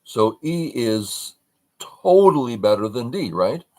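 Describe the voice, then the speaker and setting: A man's voice: mid-range voice, very animated, slow pace, warm tone, poor audio. An older man teaching a game review on a livestream, talking in short broken phrases and asking and answering his own questions.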